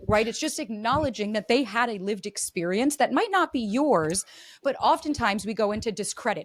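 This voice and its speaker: A woman's voice: a little high, lively intonation, brisk, no room sound. A woman relationship coach, a podcast guest, explaining earnestly and acting out example dialogue. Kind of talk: explanatory interview talk.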